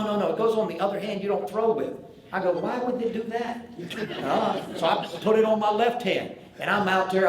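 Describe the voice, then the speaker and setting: A man in his sixties with a Southern US accent, telling a humorous story at a banquet and acting out the dialogue. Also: sits high. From American South. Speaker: banquet speaker, former pitcher. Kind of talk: humorous after-dinner storytelling. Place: large banquet hall. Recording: very echoey banquet hall.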